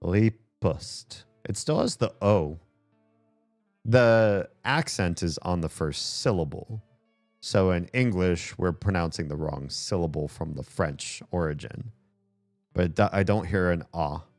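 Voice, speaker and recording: A man's voice: deep voice, expressive, measured pace. A man streaming a game, chatting casually and rambling aloud with plenty of fillers, with faint game music behind him. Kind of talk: casual gameplay commentary chat.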